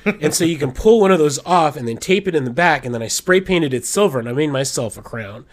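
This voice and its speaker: A man hosting a podcast, telling an animated story in casual chat and swearing freely. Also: fairly high pitch, quick pace. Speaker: podcast host.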